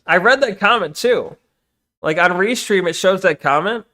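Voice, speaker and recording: A male streamer with a slightly high voice talks casually as he goes through chat. He breaks off often, restarts sentences and keeps telling viewers to hold on. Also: animated, moderate pace, bright, forceful tone. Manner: distracted, reads chat aloud, many restarts and "hold on"s.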